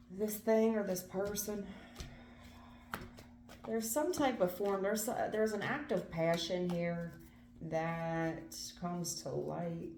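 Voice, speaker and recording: A woman's voice: on the low side, roomy sound, noisy background. A woman doing a casual tarot reading, earnest and emphatic, repeating phrases and swearing now and then. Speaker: tarot reader.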